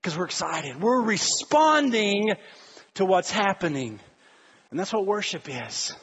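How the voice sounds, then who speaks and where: A middle-aged pastor preaches in an animated, storytelling way and bursts into excited shouts. His voice sits high and sounds husky. The church recording is dull and lo-fi. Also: measured pace. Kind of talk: sermon.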